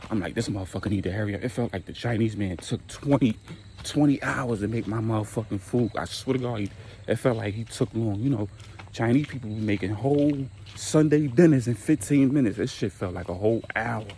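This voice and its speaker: A man's voice: medium pitch, fairly quick, warm tone, slight background noise. A young man tells a casual, profane storytime monologue and acts out his own reactions. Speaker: storyteller vlogger.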